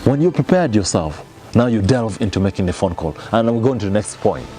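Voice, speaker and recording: A man's voice: lowish voice, animated, brisk, mellow. A man giving a motivational sales lesson, emphatic and repeating his key phrases as he addresses the audience directly. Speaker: sales trainer.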